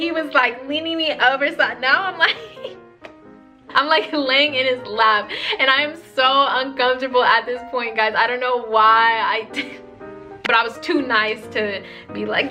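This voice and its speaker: A young woman vlogger telling a dating story in lively, slangy storytime style. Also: a little high, normal speed, faint music behind. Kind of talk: storytime vlog.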